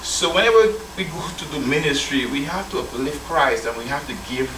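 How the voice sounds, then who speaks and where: This church elder has a fairly high, animated voice and talks a little fast against a noisy background. Preaching a sermon, he reads scripture, calls the congregation brethren, and asks questions that invite their responses. The room sounds big, as the mic is far away.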